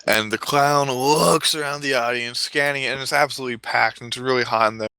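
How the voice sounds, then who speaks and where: A man's voice: mid-range voice, a little fast, bright, forceful tone, clear, resonant tone, no echo. A man telling a comic story casually, rambling and swearing often, with frequent restarts. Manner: profane, rambling, self-correcting.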